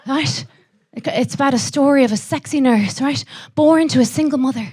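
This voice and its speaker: A young Irish woman doing a live stand-up set, brash and profane, throwing quick asides to the audience. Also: sits high, a little mellow. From Ireland. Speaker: stand-up comedian.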